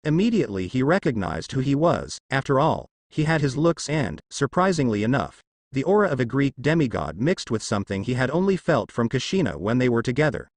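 Male narrator, fan fiction reading, lively pitch, dry close sound. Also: brisk, no echo.

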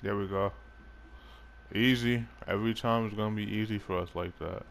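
Male gaming creator, low voice, loose excitable play-by-play with swearing. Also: normal speed, creaky, a little hiss or hum. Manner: excitable, swears, laughs at himself. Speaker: gaming YouTuber. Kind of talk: casual gameplay commentary.

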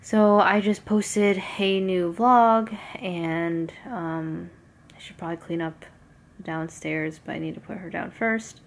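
A woman's voice: on the low side, slow, vocal fry. A young woman, a mother vlogging casually to a handheld camera at home, rambling with lots of "like" and "um". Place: family home at night.

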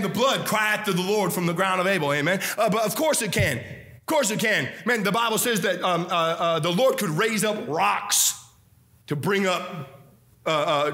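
A young man preaching a fervent sermon as pastor to a congregation in a church, often shouting. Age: young adult. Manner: fervent, often shouting, wide swings in pitch. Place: church sanctuary before a congregation.

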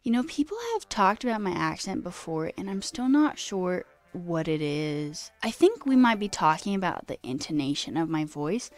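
A woman streaming as a coding host, chatting casually and rambling with self-deprecating asides while her pitch jumps up mid-sentence. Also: animated, normal speed, hardly any pauses, faint music behind. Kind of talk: casual live-stream chat.

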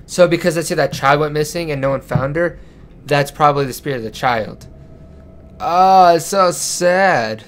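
A man's voice: on the high side, fairly quick. A young man hosting a let's play, chatting casually and reading game dialogue aloud in his own voice. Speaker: gaming channel host.

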